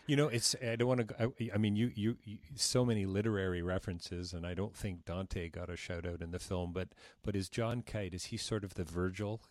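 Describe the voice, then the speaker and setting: A deep-voiced man conducts a relaxed interview, gushing with praise and tripping over his own sentence starts. His voice is low and sits close and dry on the mic. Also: fairly quick, few pauses, no room sound. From former British colony. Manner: enthusiastic and effusive, with frequent restarts. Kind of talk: casual interview chat.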